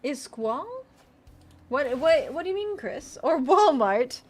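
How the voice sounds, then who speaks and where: A woman's voice: high-pitched, very animated, slow, full character voice. A woman putting on a sultry mommy voice. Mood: coy teasing. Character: teasing, sultry motherly woman persona. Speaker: streamer. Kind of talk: live game stream commentary.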